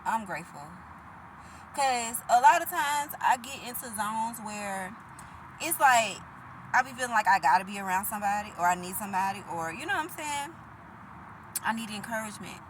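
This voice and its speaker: A woman's voice: medium pitch, expressive, normal speed, noisy background. A woman, talking bluntly and profanely to the camera in a preachy, emphatic way. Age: 30s.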